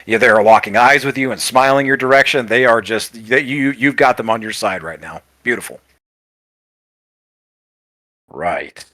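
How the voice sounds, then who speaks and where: A man narrates as game master, rambling and restarting his sentences as he describes the scene. His voice sits in an ordinary middle pitch. The recording is dry with no room sound. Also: moderate pace, sharp tone, no room sound. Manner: rambling with many fillers and restarts.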